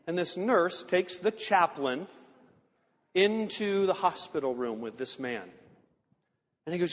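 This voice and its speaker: A man preaching a sermon in earnest storytelling fashion, slowing down to stress key words. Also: on the high side, animated. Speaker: pastor. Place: large church sanctuary. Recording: long hall reverb.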